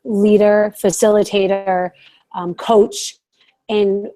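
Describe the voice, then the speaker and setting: An American woman, a counselor by trade, talks as a podcast guest in an eager, reflective manner. Her voice sits at a medium pitch with a mellow, darker tone. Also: little pitch movement, takes it slowly. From United States. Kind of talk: casual podcast conversation.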